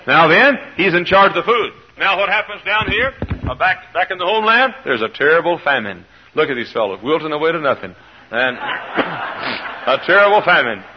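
A man preaching as a pastor, telling a Bible story in an animated way and acting out the people in it. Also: on the high side, moderate pace, background noise. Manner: animated storytelling, voices quoted characters. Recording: dull lo-fi old sermon recording.

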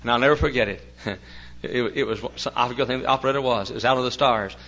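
An older man preaching a sermon, swinging from quiet talk to loud, impassioned preaching, with folksy chatty asides. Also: mid-range voice, fast, low-quality recording.

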